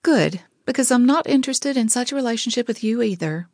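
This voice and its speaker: A woman voicing an impatient, spirited petite young woman who speaks high and indignant. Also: animated, fairly quick, a little mellow, dry recording, studio quality.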